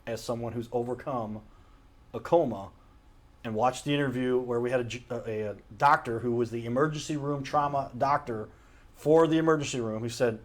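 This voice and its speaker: A man with a mid-range voice at a normal pace hosts his own show, talking solo to his camera in a home studio in a casual, earnest, rambling way and often stopping to correct himself. The sound comes from his self-recorded camera mic.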